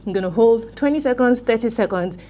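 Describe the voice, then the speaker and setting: A woman's voice: a little high, brisk, dark tone. A woman coaching home workouts, explaining form while demonstrating exercises and getting out of breath. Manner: friendly, instructive, demonstrating exercises while talking.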